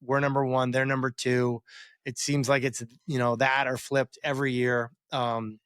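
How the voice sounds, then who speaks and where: A man's voice: mid-range voice, moderate pace, clear, resonant tone, no echo, studio quality. A middle-aged man, a former quarterback, telling rambling stories as a podcast guest and acting out what others said. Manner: rambling, animated, acts out quotes. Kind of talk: casual interview storytelling.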